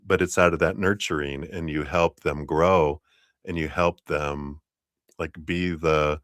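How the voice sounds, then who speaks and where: A man with a low voice reads tarot on a livestream in a loose, chatty manner, full of fillers and quick laughs. His voice is close and dry, with no room around it. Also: no room sound. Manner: chatty, animated, laughs often, many fillers. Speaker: tarot reader. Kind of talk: live-streamed tarot reading.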